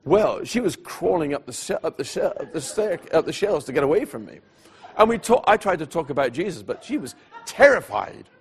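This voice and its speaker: A man preaching, telling a personal story in an animated way and voicing the people in it, then going hushed at solemn moments. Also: on the high side, a little fast. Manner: animated storyteller who voices the people in his tale; drops to a hushed, quiet delivery at solemn moments. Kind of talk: storytelling sermon.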